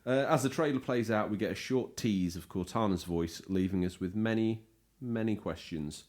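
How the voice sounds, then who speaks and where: A man's voice: fairly low pitch, moderate pace, darkish tone. A man co-hosting a casual gaming podcast, teasing his co-host and slipping into hammy voice impressions. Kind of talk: jokey casual podcast chat.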